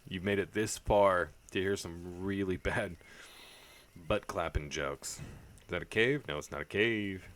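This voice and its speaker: Man, gaming commentary, deep voice, unhurried, crude jokes, laughs a lot. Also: a bit bright, a little hiss or hum. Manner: joking, crude humor, frequent laughter. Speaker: gaming video host. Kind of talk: horror game let's play commentary.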